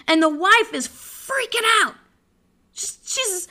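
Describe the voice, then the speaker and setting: A woman's voice: sits high, big pitch swings, slow, pushed and bright. A woman hosting a podcast and giving an impassioned political commentary monologue, preachy in tone and often restarting her sentences. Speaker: podcast host.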